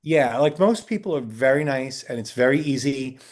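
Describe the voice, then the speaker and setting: At normal speed, with lively intonation and a darkish mid-range voice, a talent agent responds to interview questions indoors. His casual answers run into long anecdotes where he plays the people he quotes, with lots of fillers and restarts.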